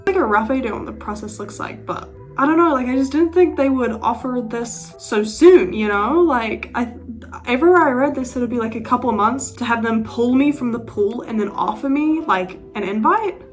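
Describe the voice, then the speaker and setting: A young adult woman talking casually in a vlog diary, chatty and excitable, with the odd casual swear. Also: on the high side. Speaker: vlogger.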